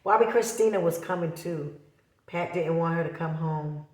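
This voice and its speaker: A woman's voice: deep voice, normal speed, darkish tone, roomy sound. A middle-aged woman talking straight to her viewers, impassioned and accusing, repeating her points. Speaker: vlogger. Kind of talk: emotional direct-to-camera talk.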